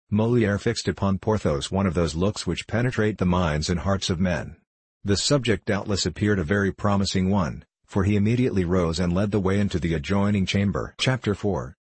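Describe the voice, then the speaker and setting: A man narrating a classic novel as an audiobook in a measured, even reading. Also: low voice, slightly rough, no echo.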